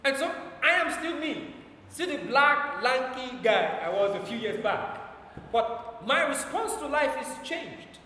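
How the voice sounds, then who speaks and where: A man preaching a sermon to his congregation, his voice rising and falling in volume and slowing deliberately on every scripture line. He is recorded from a distance in a very echoey hall with a long reverb tail and a faint hum of the room behind him. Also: very high voice, sing-song, sharp tone. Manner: emphatic, slows down for scripture quotes, volume rises and falls. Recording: echoey church hall from far off.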